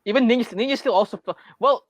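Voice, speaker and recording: A man's voice: very high-pitched, quick pace, no room sound. A man co-hosting a casual podcast, rambling through his points with frequent restarts. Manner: rambling, restarts often, many fillers. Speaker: podcast co-host. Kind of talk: casual show review chat.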